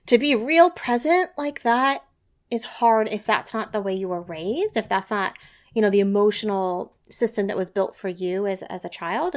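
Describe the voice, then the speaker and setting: A woman talks through a solo parenting podcast in a conversational way. She sounds earnest and reassuring and keeps checking in with the listener. Her voice sits at an ordinary middle pitch. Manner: conversational, often tags lines with "right?"; earnest and reassuring, lively emphasis. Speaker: podcast host, parenting educator.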